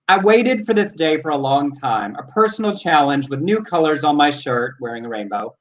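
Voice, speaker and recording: Man, co-host reading news, brisk, slightly high voice, dull lo-fi audio. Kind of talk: reading news items on a live show.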